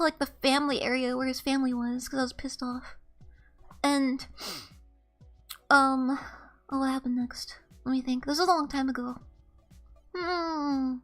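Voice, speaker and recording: Very high, bright-voiced young woman streamer. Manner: animated, laughs often, swears casually. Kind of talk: casual storytelling to chat.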